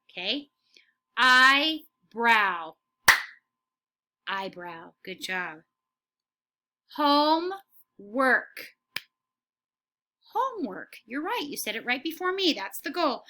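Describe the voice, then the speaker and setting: A woman teacher leading a phonics lesson for young children, slow and encouraging, saying words for the class to repeat. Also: a little high, bright, forceful tone.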